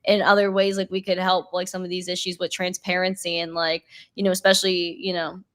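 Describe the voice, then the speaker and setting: A woman's voice: lowish voice, little pitch movement, a little fast, fairly bright tone. A young woman in casual chat, rambling with many fillers and laughing easily.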